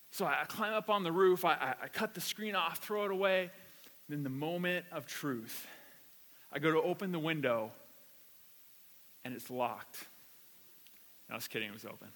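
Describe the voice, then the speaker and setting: With a high, sharp-toned voice and a brisk delivery, a pastor gives a conversational sermon built around a personal story. His storytelling is casual and animated, with repeated words, and the audio carries a long reverb tail.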